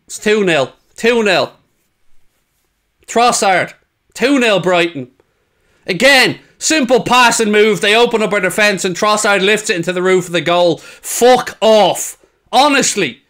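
A young man reacting to football highlights, heated and swearing freely. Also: lively intonation, normal speed, sharp tone. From England. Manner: heated, swearing, frequent outbursts. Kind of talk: casual match reaction commentary.

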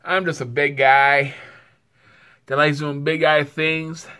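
A man's voice: on the high side, level tone, slow, sharp tone, smooth. A man vlogging casually while suffering from spicy heat, sighing and whooping between words. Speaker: food vlogger. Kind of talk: casual vlog.

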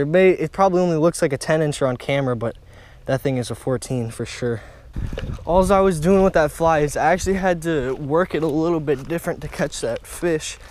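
Excitable young man fishing outdoors. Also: fairly high pitch, slight background noise. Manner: excitable, repeats himself, keeps saying "guys" and "oh my gosh". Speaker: fishing vlogger. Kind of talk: casual outdoor vlog commentary. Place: outdoors at a pond.

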